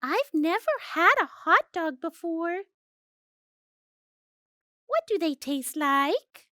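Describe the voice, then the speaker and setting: A woman's voice: very high voice, lively intonation, slow pace, pushed and bright, no echo, studio quality, pitched above the performer's own voice, exaggerated voice. A woman voicing a small, curious male duckling in a storybook read-aloud, sweet and inquisitive.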